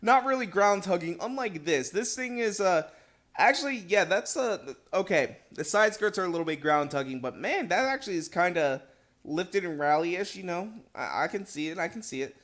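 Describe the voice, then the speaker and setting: Male gaming host, young adult, high-pitched, excitable casual commentary with quick shifts in volume. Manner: excitable, chatty, jumps between loud outbursts and quiet asides. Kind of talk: casual let's play commentary.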